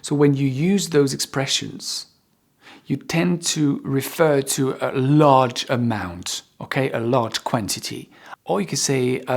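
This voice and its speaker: A man's voice: medium pitch, slow, gravelly. A man teaching an online English lesson, explaining patiently with many examples and often checking in with "okay?". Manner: lively, upbeat sign-off.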